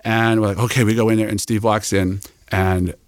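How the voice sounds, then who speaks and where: A man telling a story as an interview guest, animated and acting out the people he quotes. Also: on the low side, normal speed, no room sound, studio quality.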